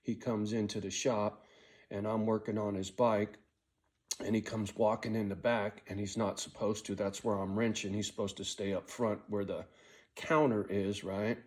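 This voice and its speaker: A man's voice: lowish voice, little pitch movement, moderate pace. Blunt, swearing man telling a story. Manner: blunt, heavy swearing, frequent "right?" tag; angry when telling the story, quiet and weary when reflecting. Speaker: vlogger telling a personal story. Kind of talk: casual storytelling monologue.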